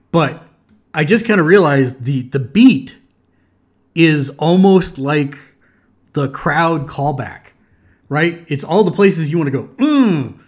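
A middle-aged American man hosting a reaction video, chatting casually with frequent restarts. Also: on the high side. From United States. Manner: chatty, restarts sentences, laughs easily.

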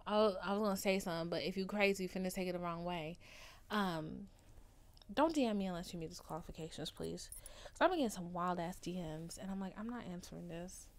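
A woman podcaster talking in a loose, casual solo chat at a mid pitch. She is overdramatic and playful, sounds loopy and tired late at night, and swings between murmured asides and big, loud pronouncements. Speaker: podcast host.

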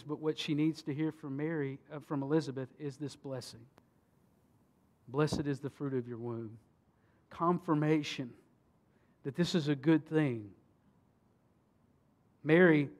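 A man, a pastor, preaching a sermon and reading scripture, swinging between emphatic peaks and hushed solemn passages. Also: on the high side. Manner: rhetorical questions to the congregation.

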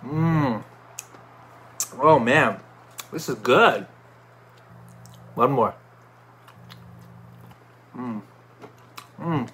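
A man chatting casually in a product review vlog, excitable and talkative, with many fillers and restarts. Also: mid-range voice, very slow, long pauses, slight background noise.

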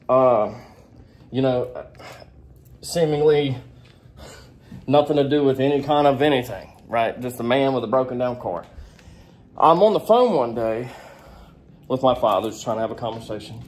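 A man's voice: medium pitch, darkish tone. A man vlogging, telling a personal story in a plainspoken, frank way with the odd curse word. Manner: plainspoken and frank, with occasional cursing.

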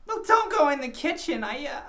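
A woman's voice: sits high, big pitch swings, a little fast, fairly bright tone, a little hiss or hum, exaggerated voice. A woman acting out a nervous cheating wife who stammers and pleads. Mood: flustered. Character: young woman playing a flustered cheating wife.

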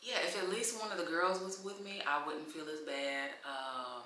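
A woman's voice: low voice, fairly even intonation, moderate pace, pushed and bright, a little hiss or hum. Emotional young woman vlogging from a hotel room. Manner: emotional, venting, holding back tears. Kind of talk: casual vlog talk to camera. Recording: echoey room.

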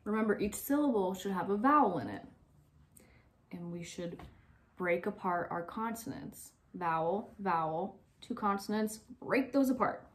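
A young woman teacher giving slow, clear, step-by-step instructions in a phonics lesson for young children. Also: mid-range voice.

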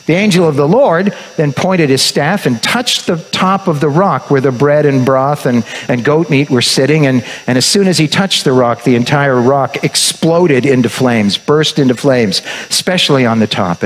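A man's voice: mid-range voice, moderate pace, rough recording. A man preaching, retelling a story in a conversational way, with frequent restarts and repeated words. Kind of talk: sermon storytelling.

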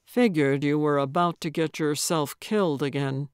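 Woman doing a gruff, terse male agent. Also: low-pitched, moderate pace, no room sound, clean studio sound, pitched below the performer's own voice, lightly acted. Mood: stern. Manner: curt, commanding.

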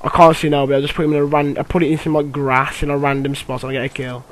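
A young man giving rambling, filler-heavy commentary over his own gameplay, with bursts of excitement. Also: fairly high pitch, very fast, poor audio. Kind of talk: casual game commentary.

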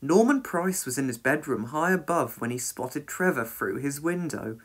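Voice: medium pitch, moderate pace, breathy edge. A reader narrating a children's storybook aloud and voicing every character. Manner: expressive, reads every character in a different voice.

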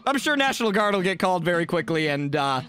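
Very high bright guy doing goofy game roleplay, loud, bouncy. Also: very animated, quick pace, faint music behind. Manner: over-the-top, goofy, often shouting. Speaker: streamer host.

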